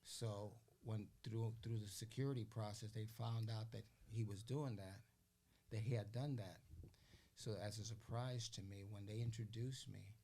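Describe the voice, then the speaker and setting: An older man, a guest on a podcast, telling stories in a casual, animated way. He acts out the voices of the people he quotes and keeps asking "you know what I'm saying?". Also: fairly low pitch, moderate pace, a little hiss or hum. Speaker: interview guest. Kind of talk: casual storytelling.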